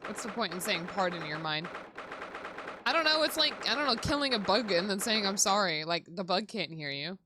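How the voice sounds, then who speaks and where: Over background music and a noisy backdrop, a female streamer talks casually during gameplay, often laughing and cursing without restraint. She speaks at a moderate speed in a medium-pitched voice that swings widely in pitch.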